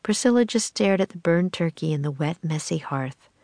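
A woman narrating a children's audiobook in a calm, even storytelling manner. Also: on the low side, moderate pace, dry recording. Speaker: audiobook reader.

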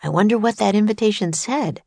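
Woman voicing a cautious young boy, quiet, low, gravelly edges, dry sound. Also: a little fast, no room sound. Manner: quiet, hesitant, soft. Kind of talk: storybook character voice.

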